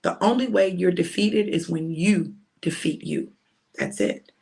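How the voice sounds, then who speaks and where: A woman's voice: lowish voice, unhurried, creaky, a little mellow. A woman minister preaching informally to her viewers, emphatic and repetitive, with colloquial phrasing. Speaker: minister giving a prophetic message.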